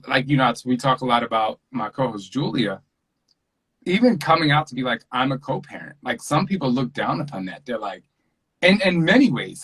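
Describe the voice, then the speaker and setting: A man chatting earnestly about fatherhood, animated and acting out quotes as a guest on a video call. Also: medium pitch, breathy edge, rough recording. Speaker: podcast host and father, interview guest. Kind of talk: casual interview chat.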